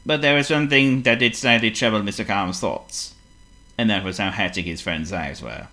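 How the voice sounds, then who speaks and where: A man reading a children's storybook aloud, theatrical and animated. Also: on the low side, normal speed. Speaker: narrator.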